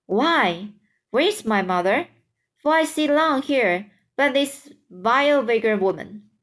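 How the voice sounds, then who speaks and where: A woman reading the part of a proud, cruel young boy, speaking with scorn and bitterness in a slow storybook reading. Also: a little high, animated, a bit bright. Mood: scornful.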